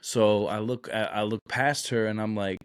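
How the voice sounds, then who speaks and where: A man's voice: lowish voice, steady tone, normal speed, clean tone, no room sound, studio quality. A man, a podcast host telling stories in a blunt, rambling way. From Brooklyn, New York. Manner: blunt, rambling, many "like" and "you know". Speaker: podcast host, Marine recruiter. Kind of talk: casual storytelling chat.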